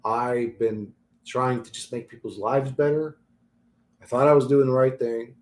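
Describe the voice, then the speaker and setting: A man putting on the voice of a subdued male self-help vlogger who confesses in a low, quiet tone. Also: measured pace, natural voice. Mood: confessional.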